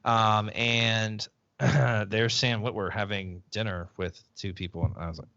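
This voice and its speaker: A man's voice: lowish voice, level tone, measured pace, gravelly, pushed and bright. Rambling man on a muffled call. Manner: rambling storyteller with frequent restarts and fillers. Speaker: podcast co-host. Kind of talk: casual chat over a video call. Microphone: video call.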